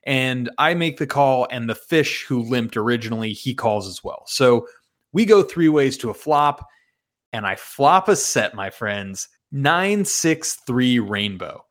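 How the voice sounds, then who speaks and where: A man's voice: medium pitch, fairly bright tone. A man recapping his poker hands in a casual, profane and self-mocking way. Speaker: poker player.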